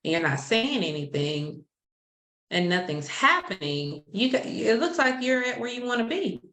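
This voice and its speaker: A woman therapist explaining relationship tools in a steady, practical way, with small restarts. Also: on the high side, moderate pace, echoey room, low-quality recording. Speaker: therapist co-host. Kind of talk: explaining counseling tips.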